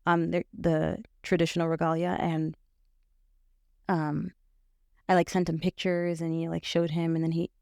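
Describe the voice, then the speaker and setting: Young woman, podcast guest; low, gravelly voice; halting, filler-heavy personal storytelling. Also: monotone, mellow, no echo, clean studio sound. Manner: halting, full of fillers and restarts. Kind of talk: personal testimony in conversation.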